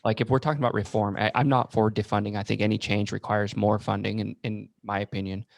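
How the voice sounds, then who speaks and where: A man's voice: lowish voice, little pitch movement, fast, vocal fry, no echo, clean studio sound. A man talking on a podcast, asking thoughtful questions in a casual chat. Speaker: podcast guest.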